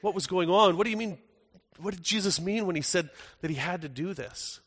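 A man playing the apostle John as an older man in a first-person dramatic monologue, earnest, moving between hushed and urgent. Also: sits high, fairly quick, husky. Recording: echoey hall with long reverb.

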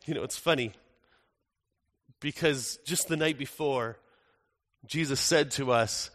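A man's voice: medium pitch, slow. A man playing the apostle John, earnest. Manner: earnest, swings from hushed to loud and urgent. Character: apostle John, older man recounting the crucifixion. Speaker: dramatic monologue performer. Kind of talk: first-person dramatic monologue. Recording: echoey hall with long reverb.

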